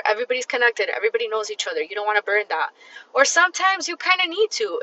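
Bright-voiced woman ranting on her podcast. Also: high voice, muffled recording. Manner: blunt, profane, emphatic, talks straight to the listener. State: tired and fatigued. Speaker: podcast host. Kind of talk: casual solo podcast rant.

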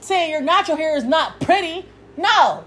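Heated high-pitched young woman ranting. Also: expressive, fairly quick, breathy edge. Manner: heated, cursing freely, yelling at times. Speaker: podcast host. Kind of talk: profane rant.

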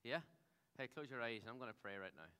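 A man's voice: medium pitch, expressive, quick pace, smooth. Impassioned preacher man. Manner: impassioned, shifting from loud exhortation to quiet prayer. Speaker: pastor. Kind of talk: sermon. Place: theatre auditorium with live congregation. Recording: long hall reverb in a theatre.

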